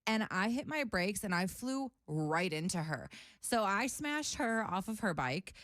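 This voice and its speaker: A woman's voice: medium pitch, big pitch swings, unhurried, fairly bright tone, no echo. A woman tells a story on a podcast, chatty and easygoing, with small laughs between phrases. The recording is dry and close. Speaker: podcast co-host. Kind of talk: casual chat.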